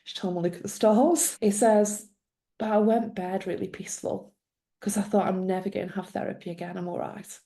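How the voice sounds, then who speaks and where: A middle-aged woman tells a story with a gravelly, mellow voice. She slips into the people she quotes as she goes. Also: medium pitch, brisk. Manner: animated storyteller, acts out quoted dialogue. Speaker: guest, former social worker. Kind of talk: storytelling in a conversation.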